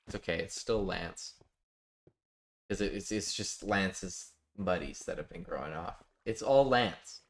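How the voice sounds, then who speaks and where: His low-pitched voice has lively intonation and a measured pace. He's live-streaming a building game and chatting casually with viewers, reading out chat and making jokes.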